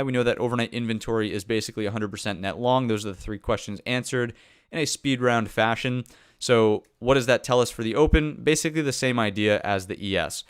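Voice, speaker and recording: A man's voice: lowish voice, smooth, dry recording, studio quality. A man hosting a live pre-market trading stream, talking through charts in a conversational way and often checking in with "right?". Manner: conversational, thinks aloud with fillers and "right?". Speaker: market analyst host.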